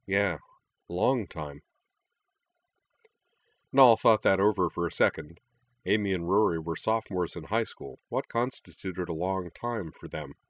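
A man narrating a story aloud in a steady, unhurried way. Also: low voice, dry recording. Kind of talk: storybook reading.

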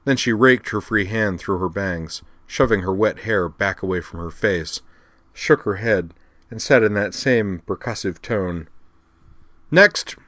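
Low-voiced man reading a story aloud. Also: a little slow, fairly bright tone, dry recording. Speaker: narrator. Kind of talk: storybook narration.

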